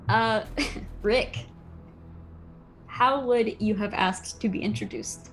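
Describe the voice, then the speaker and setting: A woman's voice: mid-range voice, drawn-out words, long pauses, soft background music. A woman narrating a tabletop game as game master, chatty, with many "like"s and "um"s. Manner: chatty, full of "like" and "um".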